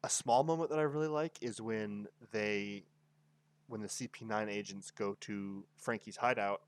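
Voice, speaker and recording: A man giving casual, excited commentary, rambling with lots of fillers and tag questions as he reviews a story. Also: on the low side, normal speed, smooth, no echo. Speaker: anime reviewer. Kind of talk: casual tier-list commentary.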